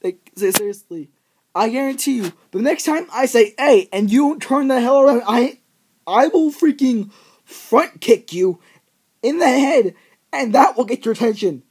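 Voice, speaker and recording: A man's voice: extremely high pitch, lively intonation, moderate pace, darkish tone, breathy edge. A teenage guy vlogging, ranting in an exaggerated, rambling way with lots of fillers. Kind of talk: ranting vlog monologue.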